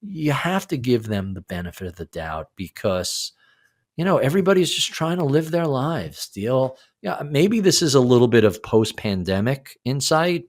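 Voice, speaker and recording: A man in his sixties, a podcast guest, telling a story in a casual interview, animated and casually profane. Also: mid-range voice. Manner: animated, acts out quoted lines, swears casually.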